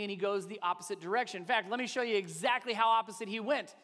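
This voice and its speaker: A male pastor in his thirties delivers a sermon in a fairly high voice, keeping it conversational and full of rhetorical questions. His words ring out with the long reverb of a large church hall. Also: quick pace, hardly any pauses, a bit bright.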